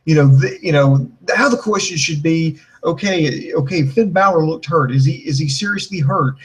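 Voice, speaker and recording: A man in his forties co-hosting a casual wrestling review chat, rambling and profane, with a fairly high voice. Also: normal speed, low-quality recording. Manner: animated, profane, rambling, acts out mocking voices. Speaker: wrestling show co-host.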